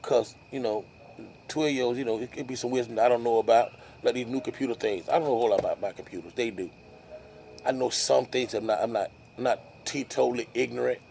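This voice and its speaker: A man's voice: mid-range voice, fast, gravelly, a little mellow, a little hiss or hum. A man vlogging to camera, telling a rambling story in a casual, musing way with frequent restarts.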